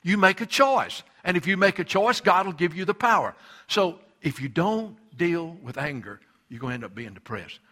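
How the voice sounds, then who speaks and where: Bright-voiced preaching man. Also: fairly high pitch, very animated, normal speed. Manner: emphatic preaching, repeats phrases, acts out quoted voices. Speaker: pastor. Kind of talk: sermon.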